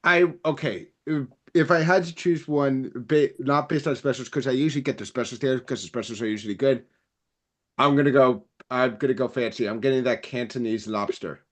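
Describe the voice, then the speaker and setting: A man's voice: mid-range voice, brisk. A man chatting casually at a roundtable, speaking in an ordinary mid-range voice. He rambles along, with plenty of fillers and restarts. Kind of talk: casual chat.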